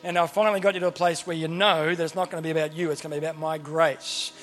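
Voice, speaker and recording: A male preacher with a high-pitched, forceful voice delivers a sermon to a gathered crowd. He tells the stories with humor and plays the characters in between his own questions to the listeners. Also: rapid-fire. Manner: lively storyteller who acts out Bible characters with humorous asides; speaks to a crowd with frequent questions.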